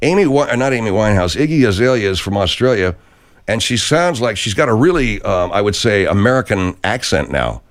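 A man's voice: lowish voice, very animated, a little fast. A man hosting a radio comedy talk show, hesitant and often exasperated. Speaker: host.

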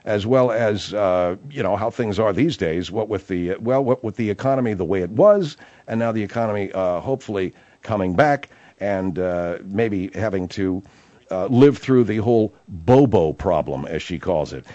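Talk radio host, dry dull sound. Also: male voice, lowish voice, expressive, normal speed, dark tone, no room sound. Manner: quizzical, needling questions with loose restarts. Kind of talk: comedy talk radio interview.

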